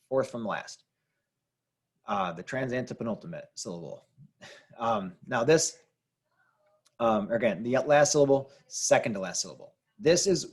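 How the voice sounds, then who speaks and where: A man's voice: medium pitch, darkish tone, husky. A man teaching a Spanish grammar lesson, explaining patiently and repeating key rules, with the occasional "um". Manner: patient, repetitive explaining with fillers. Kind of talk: classroom-style grammar lesson.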